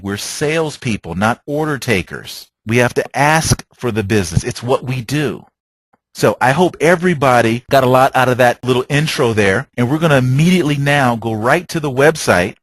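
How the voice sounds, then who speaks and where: A man's voice: medium pitch, fairly bright tone, no echo. A man training travel agents in a motivational sales talk, telling stories and asking rhetorical questions. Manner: preachy, storytelling with rhetorical questions.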